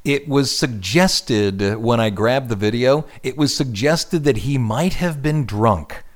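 A middle-aged man hosting a radio show in casual chat, explaining music with animated asides. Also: medium pitch, slow pace. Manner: animated, hums and imitates instrument sounds while explaining.

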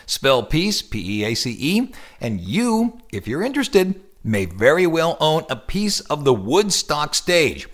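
Animated male radio host. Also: a little high, measured pace, few pauses. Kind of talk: radio interview.

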